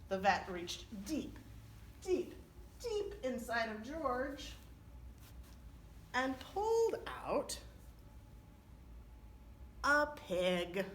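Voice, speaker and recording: A woman reading a story aloud to children as a librarian, animated, often pausing to ask them questions. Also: high voice, a little hiss or hum.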